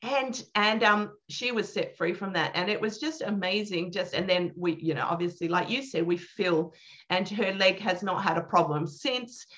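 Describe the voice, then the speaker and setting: Speaking at a moderate pace in a medium-pitched voice, this woman relates her prayer-ministry experience with earnest animation. She voices each quoted line dramatically, though the audio is a bit muffled and flat.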